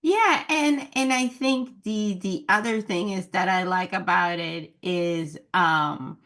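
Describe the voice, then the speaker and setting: A woman's voice: on the low side, slow, a bit bright. A woman interviewing film cast members in a chatty, bubbly press-junket style, laughing often.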